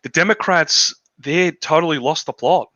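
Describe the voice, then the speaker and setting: A man's voice: on the high side, moderate pace, bright, forceful tone, no room sound. An Australian man hosting a casual political chat, blunt and profane, ranting in a dull lo-fi recording. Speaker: podcast host.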